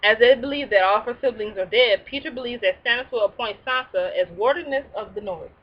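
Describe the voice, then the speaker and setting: Woman host, casual recap style, sassy slangy asides, a bit high, muffled home mic. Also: brisk.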